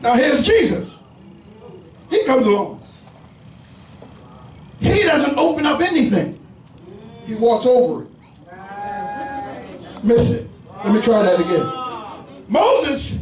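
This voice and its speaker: A man preaching a sermon as pastor, calling to his congregation and often shouting. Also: extremely high pitch. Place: church sanctuary with congregation. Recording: echoey church from far off.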